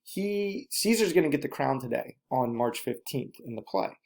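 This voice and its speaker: A man's voice: mid-range voice, expressive, moderate pace, creaky, darkish tone. A male teacher giving a recorded lesson, speaking directly to students and repeating instructions.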